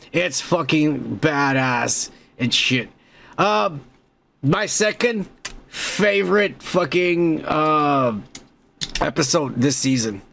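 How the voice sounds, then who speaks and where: A young man hosting a podcast, rambling and swearing excitedly as he reviews a show episode. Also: on the high side, gravelly, slight background noise. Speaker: podcast host. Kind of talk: casual profane show review.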